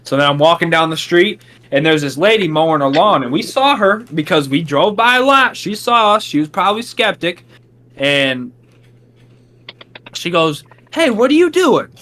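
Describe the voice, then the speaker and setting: A young man co-hosting a casual podcast tells a long story at normal speed. He is animated, acting out the quotes with big jumps in pitch.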